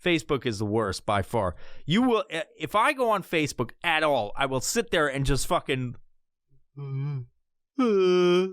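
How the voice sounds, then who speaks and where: A young adult man rants on his podcast in a loose, profane, animated way, often jumping into squeaky high voices to act out a bit. His voice sits fairly high and sounds smooth and clear. The sound is close and dry. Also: normal speed, dry recording. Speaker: podcast host. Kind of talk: casual comedic podcast rant.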